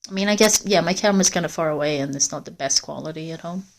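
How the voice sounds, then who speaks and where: A woman talks to her livestream viewers while walking outdoors in a forest, her chatter loose, meandering and full of swearing. Feeling the cold, she gets louder and quieter as she moves. She speaks quickly in a low, creaky voice.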